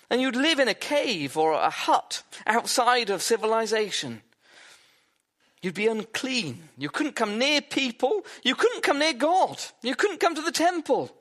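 Guy preaching, storytelling, voice swoops all over. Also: sharp tone. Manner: storytelling, vivid, drops low for emphasis. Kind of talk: sermon.

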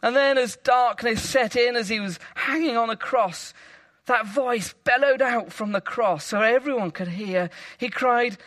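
A man preaching a sermon with dramatic emphasis, rising to loud peaks and dropping to hushed low phrases. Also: lively intonation, a little slow.

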